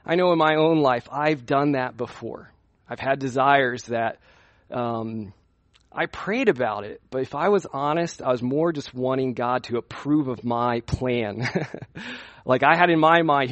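A man's voice: medium pitch, measured pace, no echo. A young man preaching at a youth conference in a conversational way, asking his listeners questions as he teaches. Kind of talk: sermon.

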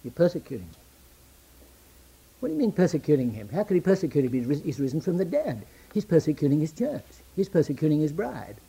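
Man preaching with loud-to-hushed swings. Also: fairly high pitch, sing-song, fast talker, creaky, breathy edge. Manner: dramatic swings from loud declamation to hushed near-whisper; quotes scripture in old-fashioned wording. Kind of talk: sermon.

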